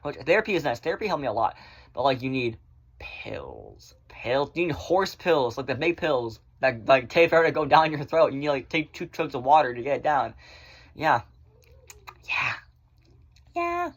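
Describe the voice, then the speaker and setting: A man chatting casually in a vlog, rambling through viewer questions and swearing freely, often in fast bursts. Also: mid-range voice, slightly rough. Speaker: vlogger answering viewer questions. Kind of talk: casual chat.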